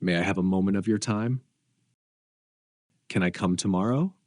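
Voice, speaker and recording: A man reading short English practice phrases one by one, with an even, deliberate delivery. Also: sits low, dry recording, studio quality. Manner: slow, evenly spaced, deliberate delivery.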